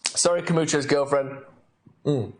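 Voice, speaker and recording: A fairly high-voiced man hosts a late-night live stream from home. He chats loosely, reads out viewers' comments and bursts into loud excitement over a match. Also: normal speed. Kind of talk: casual live stream chat.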